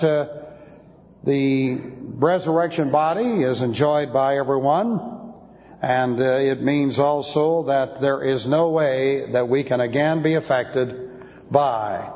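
A man's voice: medium pitch, a little mellow. A man teaching an expository sermon, spelling out Greek words letter by letter. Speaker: Bible teacher. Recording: dull lo-fi sound with long hall reverb.

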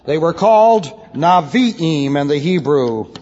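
A man's voice: a little high, lively intonation, slow pace, dark tone, slight background noise. A man teaching the Bible as a pastor, spelling out Hebrew and Greek terms letter by letter and adding dry asides. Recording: dull lo-fi tape in a reverberant hall.

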